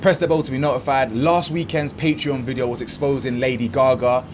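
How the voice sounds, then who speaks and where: A man's voice: medium pitch, steady tone, a little fast, a little hiss or hum. A man hosting his own commentary channel, ranting in a blunt, mocking, slangy way.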